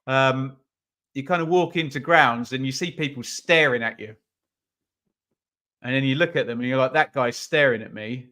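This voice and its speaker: A man's voice: mid-range voice, normal speed, long pauses, pushed and bright. A man running a live football watch-along, chatting casually about the match and reading out viewer comments.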